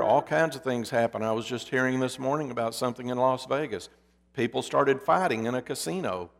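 A man preaching a sermon as pastor, moving between loud emphasis and hushed, dramatic pauses. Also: fairly high pitch, gravelly. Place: church sanctuary. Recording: long reverb of a church hall.

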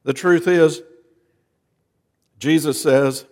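A man preaching a sermon as a pastor, with dramatic swings between soft, low lines and loud, emphatic ones. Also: drawn-out words. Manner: dramatic preacher, lively rises and drops in pitch and volume. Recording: long reverb of a large hall.

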